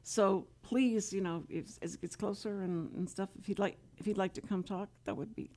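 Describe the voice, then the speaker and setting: A woman's voice: mid-range voice, normal speed, darkish tone. A woman hosting a casual radio talk show, chatty and rambling, often giggling. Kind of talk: casual radio interview chat.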